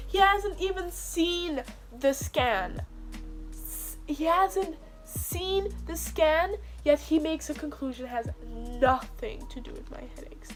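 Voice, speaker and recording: A woman's voice: high voice, lively intonation, slow pace, soft background music. A young woman venting to camera while in pain and close to tears, stressing her words by repeating them. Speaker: vlogger.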